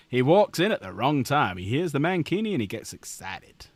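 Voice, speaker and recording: A man's voice: a little high, fairly bright tone, dry recording. Joking, cursing man streaming from his desk. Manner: joking, swearing and laughing often. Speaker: live-stream host. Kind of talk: casual live-stream chat while building models.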